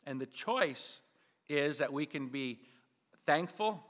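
A male pastor preaching a sermon, slowing down and leaning on key phrases for emphasis. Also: a little high, lively intonation, fairly bright tone, big-room sound.

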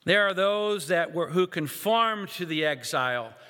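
A man preaching a sermon, speaking in measured phrases with pauses and rhetorical questions to his congregation. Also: high-pitched, animated, bright, forceful tone. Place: church sanctuary. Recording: echoey church hall with long reverb.

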